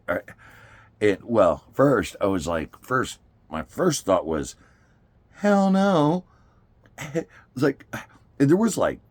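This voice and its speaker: A man with a mid-range, breathy voice tells a casual, animated story about taking his daughter to an amusement park. He laughs often and acts out what people said, and there's no room sound.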